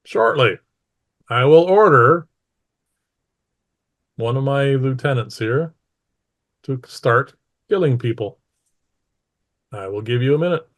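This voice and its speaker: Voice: medium pitch, animated. A man voicing a menacing tyrant queen. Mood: cold. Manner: smug, menacing, slow and deliberate. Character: cold, scheming female ruler who threatens townsfolk.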